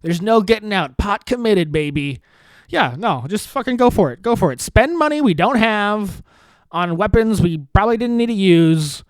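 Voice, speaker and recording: Sarcastic ranting comedy podcast host. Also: male voice, high voice, animated, normal speed, smooth, dry recording. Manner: exasperated, sarcastic ranting with swearing. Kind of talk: comedic monologue.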